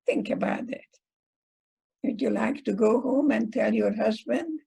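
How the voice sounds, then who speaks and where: An older woman in her nineties, a psychologist and guest speaker, telling stories slowly and deliberately, with short sayings and a Hungarian mother tongue. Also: a little high, dark tone, poor audio. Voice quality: gravelly, husky voice. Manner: slow, deliberate storytelling with aphorisms. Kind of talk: speaker series talk.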